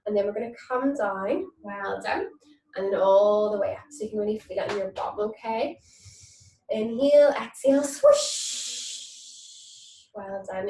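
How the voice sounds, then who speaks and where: A woman leading a mum and baby yoga class, gentle and encouraging, recorded in a room away from the mic. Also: medium pitch. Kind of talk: online yoga class instruction with nursery songs. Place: indoor room, moving around on camera. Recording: echoey room, mic at a distance.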